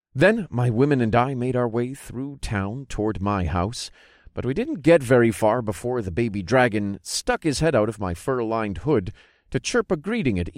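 Low, lively-voiced male audiobook narrator. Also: no room sound, clean studio sound. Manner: expressive, storytelling delivery. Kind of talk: first-person fantasy audiobook narration.

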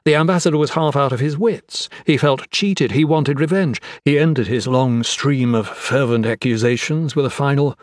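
Man, audiobook narrator, measured dramatic reading, mid pitch, dry close recording. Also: no room sound.

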